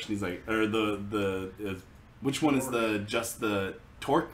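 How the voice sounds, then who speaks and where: A man's voice: lowish voice, fairly quick, a bit bright, reverberant. A man casually recapping a comic for a podcast, rambling with lots of fillers and frequent laughs. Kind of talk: casual chat.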